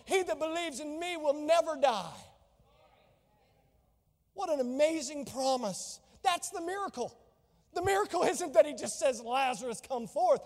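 A man's voice: very high-pitched, darkish tone, big-room sound. A man preaching a sermon as pastor, fervent and exclamatory, reading and explaining scripture.

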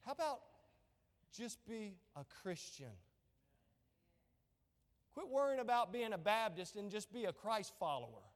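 A middle-aged man preaching an impassioned sermon as pastor, rising to shouts. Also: high-pitched, sing-song, measured pace, pauses often. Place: church sanctuary. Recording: echoey church hall.

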